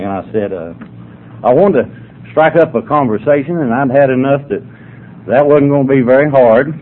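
A man's voice: mid-range voice, lively intonation, normal speed. An older man, telling humorous stories at a sobriety meeting in a folksy, drawling way. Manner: folksy, drawling yarn-spinner. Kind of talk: humorous storytelling to an audience. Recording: tinny phone-like recording, faint noise.

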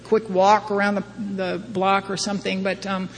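A middle-aged woman tells her own story at a recovery meeting, wry and self-deprecating, with frequent laughs at her own expense. Her voice sits at an ordinary pitch. It rings with long reverb from a big hall, over a faint hiss behind her. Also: level tone, normal speed. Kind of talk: personal testimony talk.

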